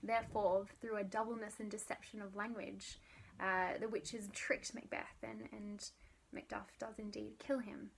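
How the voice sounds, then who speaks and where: A woman's voice: mid-range voice, level tone, a little slow, vocal fry, a little hiss or hum. Young woman explaining a play, chatty, says like a lot, slips into whispers. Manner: chatty, lots of "like", drops into whispers. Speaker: literature teacher. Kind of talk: casual explanatory lesson.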